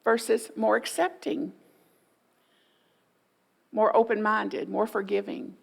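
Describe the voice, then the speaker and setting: A woman's voice: mid-range voice, slow pace, vocal fry, slightly rough, poor audio. A woman pastor giving a folksy, playful sermon in a church, often mimicking voices for humor. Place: church sanctuary.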